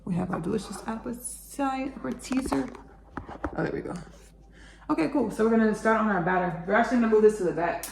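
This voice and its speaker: A woman's voice: mid-range voice, vocal fry, distant mic, a little hiss or hum. A woman hosting a home cooking show, rambling casually and often calling her viewers "y'all". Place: home kitchen. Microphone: camera set up on the counter. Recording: echoey kitchen, faint clicks.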